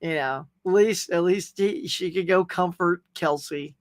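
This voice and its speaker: A man's voice: high voice, measured pace, no room sound. A middle-aged man with a Southern US accent, casually hosting a live stream, chatting, laughing often and greeting viewers by name. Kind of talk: casual live chat reading comments.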